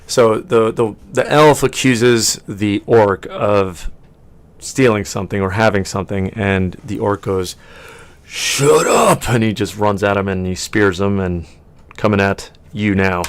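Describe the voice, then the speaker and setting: A man's voice: lowish voice, fairly even intonation, measured pace, smooth. A man narrating as game master of a tabletop game, rambling and often correcting himself.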